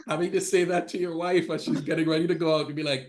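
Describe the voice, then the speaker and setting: A man's voice: on the high side, little pitch movement, quick pace, darkish tone. A man guest on a podcast, telling candid personal stories in a casual way and acting out the quotes. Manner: candid, laughs at own stories, acts out quotes. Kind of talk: casual storytelling interview.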